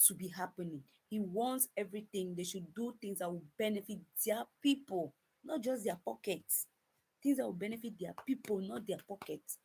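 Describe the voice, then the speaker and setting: A woman's voice: medium pitch, darkish tone, slightly rough. A woman giving casual commentary to viewers, emphatic, repeating her points and often restarting sentences. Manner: emphatic, repeats phrases, addresses viewers as guys; frequent restarts and stumbles.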